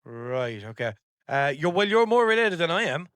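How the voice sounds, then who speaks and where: An Irish man hosting his own podcast, talking a bit high in pitch. He rambles, swears freely and gets exasperated quickly. The sound is dry and close. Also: big pitch swings, fairly bright tone, clear, resonant tone, no echo. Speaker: podcast host. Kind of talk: casual chat.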